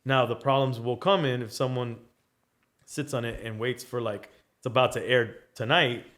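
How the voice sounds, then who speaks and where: A man of middle pitch talks as a guest in a casual podcast interview. He is laid-back and loose, swearing freely as he explains how his show works. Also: fairly even intonation, normal speed, a bit bright.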